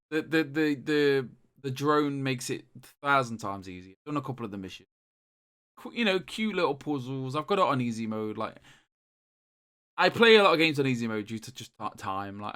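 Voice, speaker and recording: Bright-voiced rambling young man. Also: mid-range voice, expressive, a little fast, clean tone. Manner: rambling, full of fillers and restarts. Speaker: podcast co-host. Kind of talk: casual chat.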